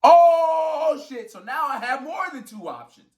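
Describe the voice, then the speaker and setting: A young man, a boxer telling his story casually, animated and swearing as he acts out quotes. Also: very high-pitched, measured pace. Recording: echoey room.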